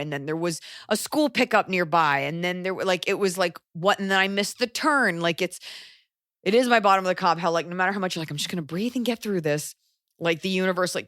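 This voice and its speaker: A woman in her forties hosting a podcast, giving blunt advice in a casual chat, animated and quick with asides and swearing. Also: on the low side, no echo, clean studio sound. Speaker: podcast host.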